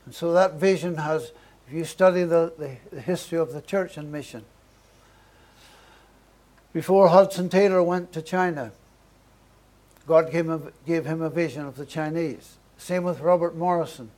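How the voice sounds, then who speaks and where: A male preacher with a slightly higher than usual voice delivers a sermon. He speaks earnestly, stacking short repeated phrases to build emphasis. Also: normal speed, long pauses, a little mellow.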